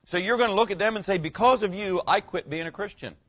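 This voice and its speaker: A man's voice: high voice, quick pace, fairly bright tone, dull audio. A middle-aged male pastor preaching in a conversational way, often checking in with "okay?" and restarting his words. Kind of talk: sermon.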